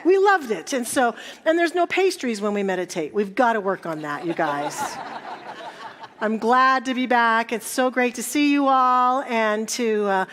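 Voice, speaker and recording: Bright-voiced woman minister addressing a church. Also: a little high, lively intonation, moderate pace, hardly any pauses. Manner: warm, joking, then reverent. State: jet lagged. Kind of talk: church service welcome and announcements. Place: church sanctuary.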